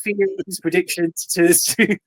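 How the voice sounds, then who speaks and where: Rambling jokey man, slightly high. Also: flat delivery, unhurried. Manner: rambling, jokey, many fillers and laughs. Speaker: podcast co-host. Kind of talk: casual podcast chat.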